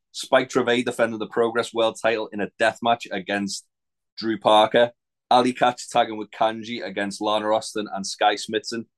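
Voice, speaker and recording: Low-voiced laid-back man. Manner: laid-back, swears and laughs. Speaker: podcast co-host. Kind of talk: casual wrestling podcast chat.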